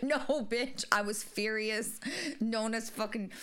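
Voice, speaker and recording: Bright-voiced woman telling a crude story. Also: on the high side, takes it slowly, clean tone. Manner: profane, animated, laughs through the story. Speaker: podcast co-host. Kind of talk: casual storytelling chat.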